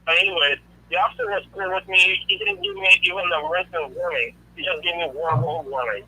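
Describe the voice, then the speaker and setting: Husky bright-voiced man, Russian accent. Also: sits high, fairly even intonation, a little fast, low-quality recording. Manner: rambling anecdote-telling with many fillers. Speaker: caller. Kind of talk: casual chat.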